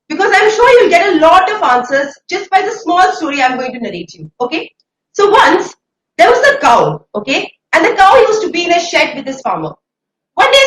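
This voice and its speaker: A woman hosting a live conference stream, energetic and addressing the audience directly. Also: very high voice. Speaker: event host. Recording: echoey room, distant mic.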